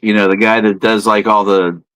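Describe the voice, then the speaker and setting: A man in a casual podcast chat who makes wry, deadpan jokes. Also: lowish voice, normal speed, smooth, dry recording, poor audio.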